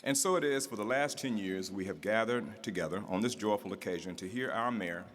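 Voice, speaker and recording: Speaking fairly quickly in a fairly low, fairly bright voice, a man emcees a civic event in a large hall with an audience. He reads formal introductions before building to a rousing, rhythmic finish. A little hiss or hum sits under the reverberant hall sound and faint room ambience.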